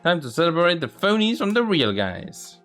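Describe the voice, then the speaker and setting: A man's voice: fairly high pitch, sing-song, moderate pace, a bit bright, soft background music. A man casually commenting while playing a story-driven video game. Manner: chatty and playful. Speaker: gaming video host.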